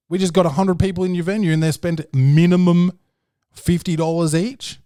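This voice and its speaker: A young man hosting a podcast, telling stories in a profane, slangy, animated way. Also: high-pitched, moderate pace, clean tone, no room sound, studio quality. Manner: swearing, slangy, animated storytelling. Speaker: podcast host. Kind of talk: casual profane monologue.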